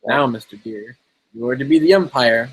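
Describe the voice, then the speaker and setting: A man's voice: mid-range voice, moderate pace, husky, poor audio. A man reading a fairy tale aloud, voicing a strong, cheerful mountain boy who gives orders to his animal friends. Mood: cheerful, commanding.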